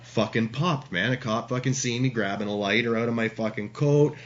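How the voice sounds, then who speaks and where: A man's voice: mid-range voice, brisk. A middle-aged man telling a story in a rambling, casual way, swearing often and laughing along. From Canada. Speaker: interview guest. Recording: dull lo-fi with faint hiss.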